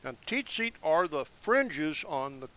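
A man's voice: on the high side, big pitch swings, bright, forceful tone. A man reading scripture verse by verse, breaking in with casual explanatory asides. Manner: slow, deliberate reading broken by casual asides. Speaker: Bible teacher. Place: seated indoors.

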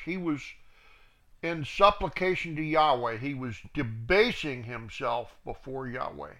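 Slow, bright-voiced man teaching scripture. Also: medium pitch, expressive. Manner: reads verses aloud, then adds plain asides. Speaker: Bible teacher. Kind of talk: verse-by-verse scripture reading with commentary.

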